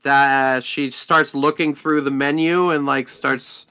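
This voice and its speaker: A man's voice: medium pitch, steady tone, slow, sharp tone, clean tone. A man narrating a tabletop game as dungeon master, hesitant, with many fillers and restarts.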